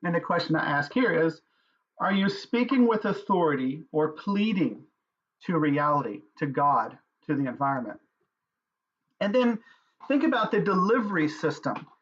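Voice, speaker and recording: Earnest man teaching, slightly high voice. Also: sing-song, fairly bright tone. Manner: earnest, measured, with pauses and fillers. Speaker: spiritual teacher. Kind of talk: spiritual teaching talk. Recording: dull lo-fi sound.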